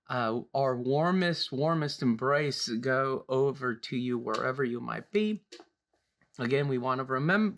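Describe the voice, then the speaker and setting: A man hosting a church Sabbath School program, chatting casually with a co-host and making announcements, often repeating and restarting his phrases. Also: mid-range voice. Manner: warm, joking, restarts phrases. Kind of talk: church program talk and prayer.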